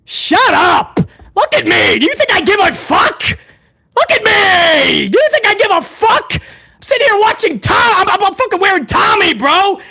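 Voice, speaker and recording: A loud, bragging heel who shouts profane taunts at his critics, his voice pushed high and bright, swinging wildly up and down, as a man puts him on for a comic rant. He talks in a bright, strained bark. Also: very animated, moderate pace, creaky, heavily acted. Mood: boastful. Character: brash loudmouth heel bragging man, adult. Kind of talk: comedic rant in character.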